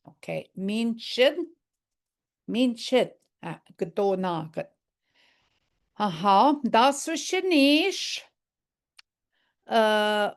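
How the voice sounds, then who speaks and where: A woman's voice: medium pitch, lively intonation, very slow, pauses often. An older woman teaching a language lesson, patient and repeating each phrase aloud for learners.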